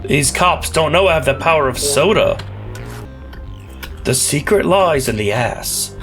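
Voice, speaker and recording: A man with a cough giving rambling, jokey, excitable commentary while playing a game. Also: on the high side, unhurried, faint music behind. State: has a cough. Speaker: let's play gamer. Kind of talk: casual gameplay commentary.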